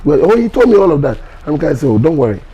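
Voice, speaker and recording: A man's voice: fairly high pitch, big pitch swings, racing, warm tone, husky, rough recording. A man with a Ghanaian accent, a guest in an interview, telling stories animatedly in mixed Pidgin and English and acting out what people said. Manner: mixes Pidgin and English, acts out quoted dialogue, laughs often.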